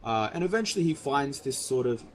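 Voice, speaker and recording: A man's voice: mid-range voice, expressive, fairly quick. A man running a tabletop game as game master, narrating with lots of fillers and self-corrections.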